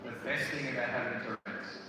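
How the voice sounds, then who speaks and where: Speaking live to students in a school hall, this thirty-something motivational speaker acts out voices and shouts through comic stories at a fairly quick pace in a mid-range voice. Captured from afar in the echoey space, it carries crowd noise and hall ambience.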